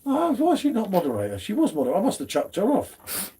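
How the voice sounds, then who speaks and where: A man's voice: sits high, huge pitch swings, fast talker, mellow, breathy edge. Chatty man in pub banter. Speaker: host of a beer review stream. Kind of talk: casual pub chat.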